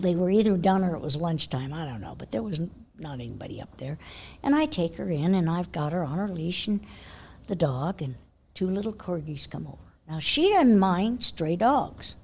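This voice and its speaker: An older woman from California tells a rambling story as an interview guest, her voice husky and a bit low. She laughs often and drops to a near whisper when voicing her own thoughts. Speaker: interview guest, horse trainer. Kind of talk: casual storytelling.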